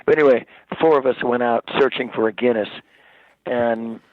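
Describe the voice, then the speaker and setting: A man, a rock singer as interview guest, telling stories in a rambling, animated way with many restarts, over the phone. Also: medium pitch, moderate pace, no echo. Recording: tinny dry phone line.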